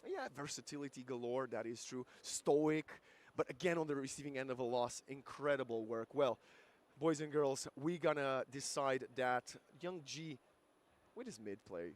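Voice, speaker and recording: A male esports commentator calling a live match, excitable and rising to near-shouts at big plays, his voice going hoarse. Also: medium pitch, moderate pace. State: losing his voice.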